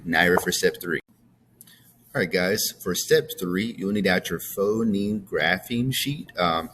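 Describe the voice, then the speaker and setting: A man's voice: sits low, pushed and bright, slight background noise. A man teaching a phonics lesson to young students, patiently drilling words and checking in with "all right?".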